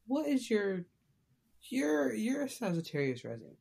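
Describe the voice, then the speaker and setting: A young woman co-hosting a podcast in casual chat, low-key and blunt, her voice often trailing off quietly. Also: huge pitch swings, unhurried, creaky, slightly rough. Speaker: podcast co-host.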